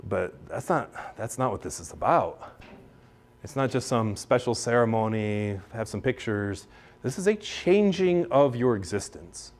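A man's voice: medium pitch, darkish tone. An American man, a priest, teaching a class in a casual, chatty way, with many restarts and acted-out quotes of other people.

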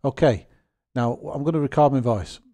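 A man, hosting his gaming channel and chatting through a software tutorial, rambling and joking at his own expense. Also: mid-range voice, moderate pace. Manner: chatty and rambling, with self-deprecating jokes.

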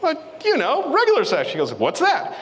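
A man telling a story in a stand-up set, acting out both sides with big jumps in pitch. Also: huge pitch swings, brisk, a bit bright. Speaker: stand-up comedian. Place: comedy club stage. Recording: live club audio with long reverb and noise. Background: audience laughter.

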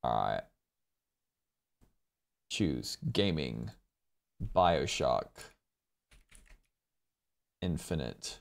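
A man's voice: rumbling low, very slow, gravelly, long pauses. Guy streaming from home, rambly casual chat w viewers, voice bouncing all over the place. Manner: chatty and rambling, excitedly thanking viewers.

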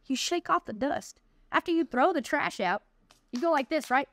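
A woman's voice: high voice, expressive, normal speed, dry recording, studio quality. A woman delivering a fervent podcast sermon, exhorting listeners with emphatic, repeated declarations. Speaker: podcast speaker.

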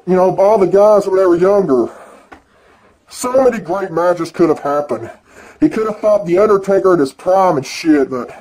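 Male vlogger, high and wildly animated voice, profane excitable rant. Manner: excitable, profane, swings between yelling and mumbling. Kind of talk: ranting video reaction.

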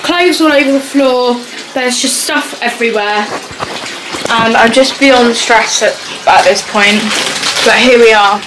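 A young mum vlogging at home indoors chats casually to camera in a slightly high voice, unhurried, with a noisy background. She rambles, using "like" a lot.

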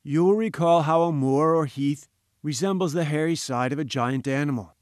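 A haughty scientist , put on by a male audiobook reader, holds forth with grand, patronizing certainty. The voice sits a touch high and the sound is dry and close, as if spoken right into the mic. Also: moderate pace, a little mellow, no room sound, natural voice. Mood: pompous, lecturing. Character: pompous, condescending male professor-scientist. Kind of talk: audiobook character voice.

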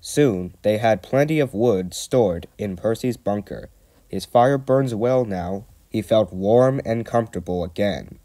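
A man reading a children's storybook aloud in a gentle, measured way. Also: lowish voice.

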